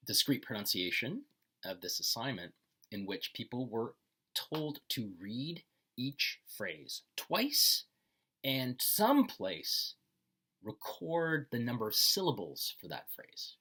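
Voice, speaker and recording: Male instructor, breathy and bright-toned, lively pitch, unhurried lecture delivery. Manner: slow, deliberate, enunciating phrases. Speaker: college instructor. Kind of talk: recorded lecture commentary.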